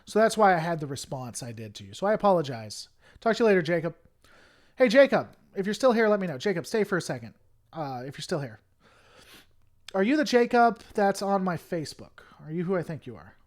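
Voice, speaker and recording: Hosting a casual livestream and answering viewers, a young man from Tennessee with a Southern US accent talks fairly quickly in a high, sing-song voice. He rambles through fillers and restarts, getting heated and then turning apologetic.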